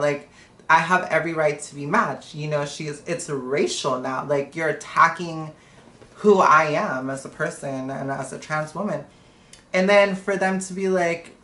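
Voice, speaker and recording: A woman's voice: sits low, unhurried, fairly bright tone, echoey room. A woman telling a story on a live stream in a blunt, profane, casual way. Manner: blunt and profane, retelling a confrontation.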